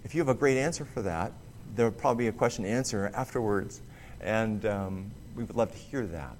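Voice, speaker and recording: A man preaching a sermon in an earnest, emphatic way, pausing and restarting often. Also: lowish voice, a little mellow, slight background noise.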